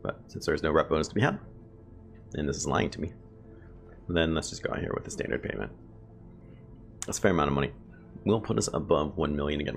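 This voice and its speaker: In this let's play clip, a man with a bass voice talks fast, with lively intonation and vocal fry, and he pauses often. As game music plays behind him, the video host chats casually and thinks out loud for his viewers.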